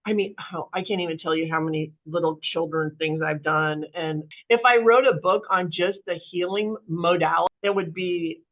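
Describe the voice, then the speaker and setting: A woman guest telling her life story in an interview, animated and full of fillers, acting out the voices of the people in it. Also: on the low side, moderate pace, hardly any pauses. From Kansas City area, US. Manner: animated, acts out quoted voices, many fillers. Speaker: podcast guest. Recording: phone-like narrow audio.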